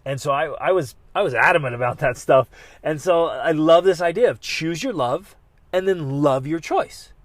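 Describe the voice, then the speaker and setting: A middle-aged man hosting a podcast, telling a story in a casual, animated way with loud exclamations at the peaks. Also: on the high side, normal speed, no echo. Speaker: podcast host.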